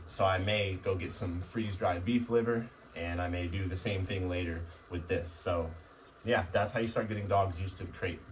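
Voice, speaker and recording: A man's voice: on the low side, far from the mic, a little hiss or hum, low-quality recording. A man who trains dogs, explaining crate training casually and often asking "right?". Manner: conversational, often asks "right?". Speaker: dog trainer. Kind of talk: casual instructional talk.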